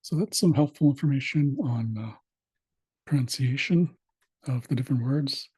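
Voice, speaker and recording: Mellow, husky-voiced man teaching a class. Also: mid-range voice, no room sound. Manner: plain, steady, with frequent fillers and pauses. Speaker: language instructor. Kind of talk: online class screen-share walkthrough.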